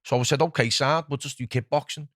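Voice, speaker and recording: A man, a podcast host telling a fight story in a casual, heavily sweary, animated way. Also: mid-range voice, quick pace, no room sound, studio quality. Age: 40s. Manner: swears constantly, animated retelling with quoted voices.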